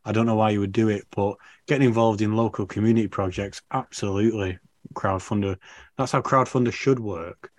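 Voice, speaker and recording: A man's voice: on the low side, steady tone, brisk, no echo. Male co-host; blunt, sweary, laughs easily; dry close mic. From North West England. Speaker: podcast co-host. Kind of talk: casual banter.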